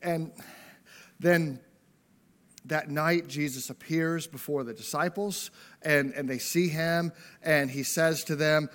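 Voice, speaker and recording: A man's voice: on the high side, fairly even intonation, takes it slowly, long pauses, fairly bright tone. A man preaching a sermon to a congregation in a church. He talks casually and jokingly, often checking in with "right?" as he goes. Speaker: pastor. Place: church service before a congregation.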